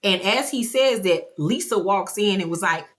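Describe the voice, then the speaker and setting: A woman giving a casual, animated, gossipy episode recap. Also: mid-range voice, normal speed. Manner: animated, gossipy storytelling, acts out quotes. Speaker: vlogger.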